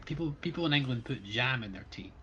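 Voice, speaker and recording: A man's voice: medium pitch, expressive, quick pace, muffled recording, music in the background. A Scottish man chatting casually as a fellow player on a gaming livestream, playfully opinionated. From Scotland.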